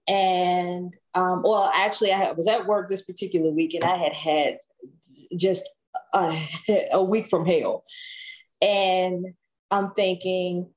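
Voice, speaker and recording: A woman, a singer, telling a story as a podcast guest in a relaxed, chatty way with frequent fillers. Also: on the low side, rough recording. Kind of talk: storytelling in an interview.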